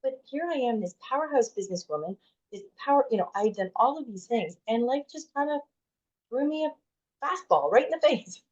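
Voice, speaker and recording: A woman's voice: on the high side, expressive, a little fast, darkish tone. A woman in her forties, a podcast guest telling a personal story in a chatty way, full of "like" and restarts. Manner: chatty, heavy use of "like", frequent restarts. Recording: dull lo-fi audio.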